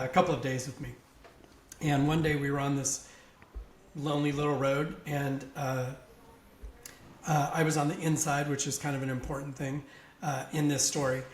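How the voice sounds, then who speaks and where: Animated man telling a story in an echoey room. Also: a little high. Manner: animated anecdote-teller who laughs along. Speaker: podcast guest. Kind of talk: casual storytelling.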